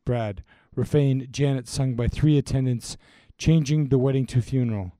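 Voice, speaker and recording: Man, script reader, flat cues and directions, mellow voice, dry sound. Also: mid-range voice, moderate pace, no echo. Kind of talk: reading a stage script aloud.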